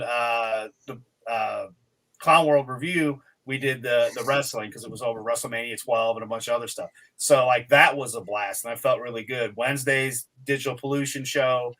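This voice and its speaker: Medium in pitch with a sharp tone, this forty-something podcast co-host keeps the casual chat rambling along, full of fillers and restarts. He's still recovering and comes across as tired.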